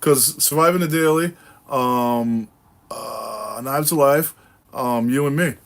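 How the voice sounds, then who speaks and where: This man talks slowly in a creaky, medium-pitched voice. He's a New Englander running a casual livestream, answering viewers' comments with easygoing, foul-mouthed rambling, lots of filler words, and frequent laughter.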